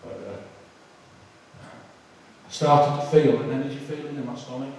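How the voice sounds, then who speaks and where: A man giving an emotional personal testimony, halting and full of fillers. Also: mid-range voice, creaky, a little mellow. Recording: echoey hall, far from the mic.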